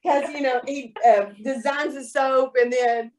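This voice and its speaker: Woman, middle-aged, animated, storytelling, casual chat. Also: high voice, unhurried. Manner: animated storyteller, quotes people in voices. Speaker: guest, soap maker.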